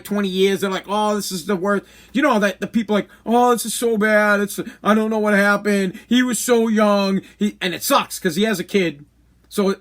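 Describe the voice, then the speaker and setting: Man, 40s, high voice, podcast host, candid rambling storytelling. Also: a bit bright. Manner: candid, rambling, with many restarts. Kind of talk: casual storytelling monologue.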